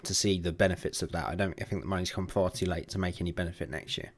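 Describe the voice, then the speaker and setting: Lower-voiced man hosting a chatty podcast. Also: racing. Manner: chatty, steering the talk, laughs often. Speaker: podcast host. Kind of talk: casual chat.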